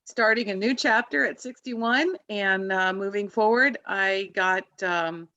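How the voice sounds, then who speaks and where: Bright-voiced woman in her sixties. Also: mid-range voice, measured pace, dry recording, lo-fi sound. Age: 60s. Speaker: marketing business owner. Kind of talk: casual group video call. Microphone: video call.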